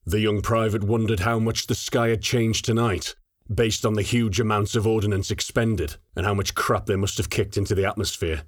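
A man narrating an audiobook in a steady, even storytelling manner on a close mic. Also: lowish voice, moderate pace, dry recording.

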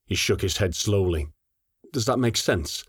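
A man's voice: lowish voice, expressive, a little slow, slightly rough, dry recording, studio quality, exaggerated voice. A man voicing a tired, hesitant young soldier. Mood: unsure. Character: tired young male soldier, unsure and guarded.

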